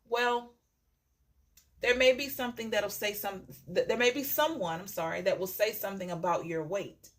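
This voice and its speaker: A woman's voice: medium pitch, close to an everyday voice. A woman voicing a hesitant man who stumbles over his words. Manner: halting, hesitant.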